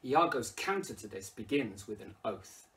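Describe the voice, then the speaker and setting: A man's voice: lowish voice, normal speed, recorded from a distance. A man with an English accent explaining a play, reading quoted lines aloud with dramatic emphasis. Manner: expressive, rises loudly when quoting lines. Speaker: English literature teacher. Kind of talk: lesson commentary with dramatic readings.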